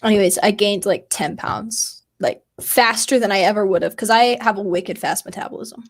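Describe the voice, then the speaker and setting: A woman's voice: medium pitch, moderate pace. A woman co-hosting a casual podcast chat, talking in a chatty, self-deprecating way with lots of "like" fillers. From United States. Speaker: co-host.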